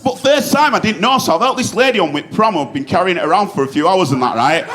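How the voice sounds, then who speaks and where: A young man with a Yorkshire accent performing a stand-up comedy set on a club stage, animated and swearing, with shouted bursts. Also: high-pitched, quick pace. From Bradford, Yorkshire, England.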